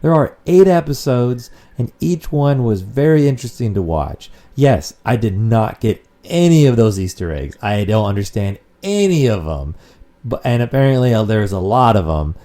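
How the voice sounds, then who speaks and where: A man's voice: mid-range voice, very animated, normal speed, mellow. A man co-hosting a casual podcast, rambling and swearing freely as he chats. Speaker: podcast co-host.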